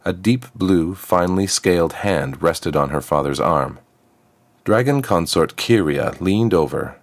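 A man reading a fantasy story aloud in a steady, measured narration. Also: a bass voice, no room sound.

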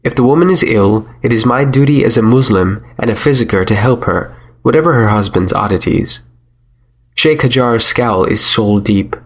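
A man narrating a first-person story in a measured, wry manner. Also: mid-range voice.

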